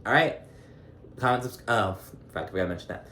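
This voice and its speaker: A man casually recapping a reality show episode, chatty and gossipy, laughing often and filling pauses with ums. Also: on the low side, expressive, bright, forceful tone, a little hiss or hum. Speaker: recap vlogger. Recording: roomy echo.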